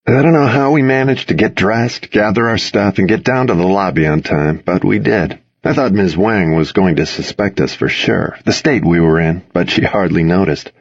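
A man narrating a first-person audiobook with intimate, expressive storytelling. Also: deep voice, normal speed, hardly any pauses, no room sound, muffled recording.

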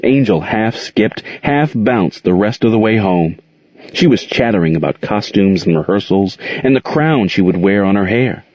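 A man with a very deep voice reads a story aloud at a steady, even pace. The recording is dry with a slightly dull, lo-fi sound. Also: moderate pace, no echo. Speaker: narrator.

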